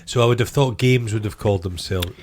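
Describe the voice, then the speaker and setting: A man's voice: lowish voice, quick pace, darkish tone. A middle-aged Scottish man, co-hosting a podcast, joking, rambling and teasing in casual banter. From Scotland. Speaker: podcast co-host.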